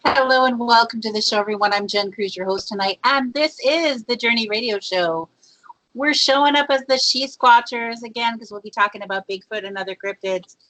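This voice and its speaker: Bright-voiced Upper Midwest woman host. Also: a little high, fairly quick, rough recording. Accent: Upper Midwest American. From Fargo, North Dakota area. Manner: chatty and upbeat, with filler words. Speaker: radio show host. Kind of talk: casual radio talk show.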